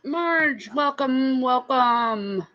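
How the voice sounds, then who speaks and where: A woman's voice: sits high, animated, extremely slow. A woman hosting a casual live stream, greeting viewers by name and chatting with frequent laughs, on slightly dull lo-fi audio. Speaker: live-stream host and reseller.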